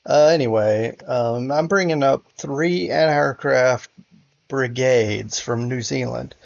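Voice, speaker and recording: A man's creaky, mid-range voice moves slowly as he gives casual strategy-game commentary, hesitant and frustrated, with frequent fillers and restarts. The recording is lo-fi with no echo.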